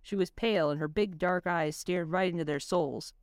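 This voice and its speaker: A woman reading her own spooky story aloud on a voice call, in a measured storytelling manner. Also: fairly low pitch, no echo, studio quality. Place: home voice chat. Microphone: computer mic on a voice call.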